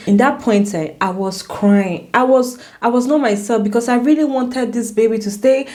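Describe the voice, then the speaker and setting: A woman vlogger telling a personal story in a casual, emotional way, with many restarts and big swings in pitch. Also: unhurried, hardly any pauses, darkish tone.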